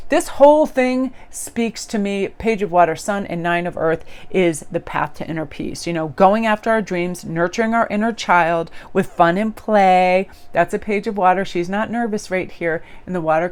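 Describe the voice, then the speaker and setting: A woman with a lowish voice reads tarot cards for her audience in a loose, casual way. Her talk is upbeat and chatty, full of fillers, and it jumps high in pitch whenever she stresses a point. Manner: animated, with big jumps up in pitch for emphasis. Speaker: tarot reader. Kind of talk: casual tarot reading video. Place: indoors near a window.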